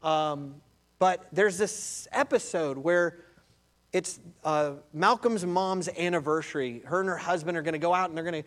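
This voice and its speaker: Male pastor with a high, lively sermon delivery and a storyteller's energy. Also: normal speed. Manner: animated storytelling, addresses listeners as beloved.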